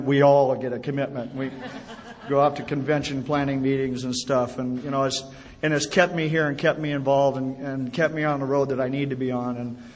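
A man speaking at a recovery meeting before an audience, a chatty, self-deprecating storyteller with quick jokes. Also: mid-range voice. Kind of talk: personal recovery talk to an audience. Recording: live talk in a reverberant hall.

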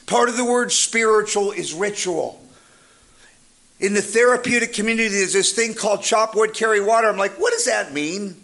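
This recovery speaker is a man with a high-pitched voice who speaks at normal speed. His motivational talk is humorous, built on energetic stories and jokes.

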